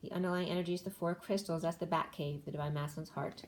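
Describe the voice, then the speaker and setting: A woman's voice: on the low side, steady tone, fast talker, darkish tone, slight background noise. A woman doing a tarot card reading, rambling through the cards with restarts, her voice worn as she loses it. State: losing her voice. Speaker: tarot reader.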